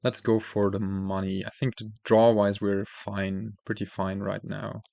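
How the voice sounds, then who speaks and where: Gravelly-voiced man thinking aloud slowly. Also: on the low side, little pitch movement, warm tone, no room sound. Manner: thinking aloud, many fillers and self-corrections. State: losing his voice. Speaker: host playing a card game. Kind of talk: casual gameplay commentary.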